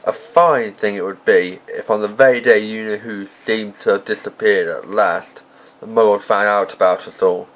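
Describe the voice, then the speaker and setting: A man voicing a stern, impatient older woman professor in an amateur audiobook reading, speaking in a brisk, clipped and exasperated way. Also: on the low side, steady tone, a bit bright, close to an everyday voice, rough recording.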